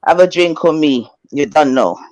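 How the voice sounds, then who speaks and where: A man's voice: a little high, lively intonation, moderate pace, a little mellow, no room sound. A man, hosting a livestream and chatting in a casual, joking way with slang. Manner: laid-back, joking, slangy. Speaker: livestream host.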